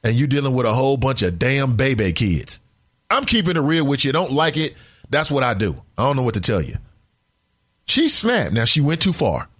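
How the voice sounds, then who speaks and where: A man hosting a casual talk radio show, speaking in an animated, emphatic, conversational way. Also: mid-range voice, moderate pace, no room sound, clean studio sound.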